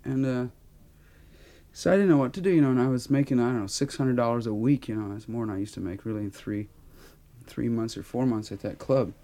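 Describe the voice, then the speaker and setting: Male interviewee from the United States, gravelly and mellow, self-deprecating storyteller. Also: mid-range voice, brisk. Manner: candid, self-mocking storytelling. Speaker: interviewed singer. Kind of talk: archive interview reminiscence.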